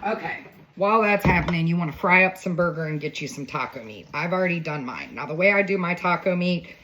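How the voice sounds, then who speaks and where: A woman's voice: lowish voice, expressive, fast talker, fairly bright tone, muffled recording, a little hiss or hum. A woman chatting casually through a cooking demo in her home kitchen, full of joking asides. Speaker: home cook.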